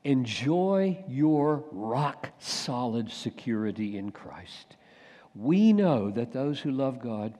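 A man preaching a sermon, swinging from loud urgent bursts to hushed, near-whispered lines. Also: mid-range voice. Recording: long hall reverb.

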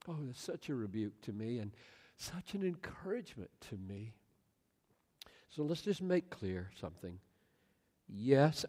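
A man in his sixties preaching a sermon, passionate and earnest, swinging from loud outbursts to soft, quiet words. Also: a little high, in a large hall. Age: 60s. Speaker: pastor.

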